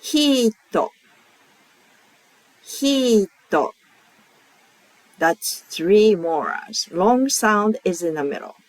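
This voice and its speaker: A woman with a Japanese accent teaching pronunciation, repeating each example word slowly and carefully. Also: on the low side, animated, dry recording, low-quality recording. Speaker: language teacher. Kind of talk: slow, clear pronunciation lesson.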